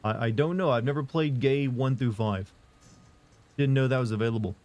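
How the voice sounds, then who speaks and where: Monotone man chatting on a livestream. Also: mid-range voice, normal speed. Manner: monotone, flat delivery; rambling with many fillers and restarts. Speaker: streamer answering live chat. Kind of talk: casual livestream chat.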